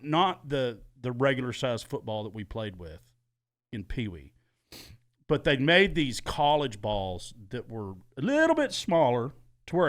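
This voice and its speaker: A middle-aged man hosting a podcast, telling a story casually and swearing freely. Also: medium pitch. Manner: animated, swears freely, laughs. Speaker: podcast host.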